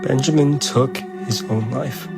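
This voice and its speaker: An actor voicing a grieving young man in an animated short film, speaking quietly and with deep feeling. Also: a little slow, creaky. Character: grieving young man mourning his friend. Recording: under a music score.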